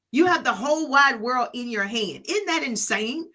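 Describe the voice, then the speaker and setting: Middle-aged female business coach, phone live-stream, bright lively delivery. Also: a little high, moderate pace, few pauses. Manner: energetic, hypes viewers by name.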